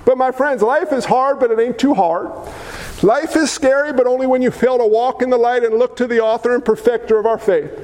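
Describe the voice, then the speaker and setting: A man preaching a sermon as pastor, emphatic and folksy, with sudden swings in pitch. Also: brisk, darkish tone. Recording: long hall reverb.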